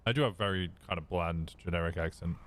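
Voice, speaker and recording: A man's voice: deep voice, quick pace. A young man with a fairly posh English Midlands accent, chatting casually with viewers as a streamer and answering their comments. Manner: relaxed, rambling, reads chat aloud and answers.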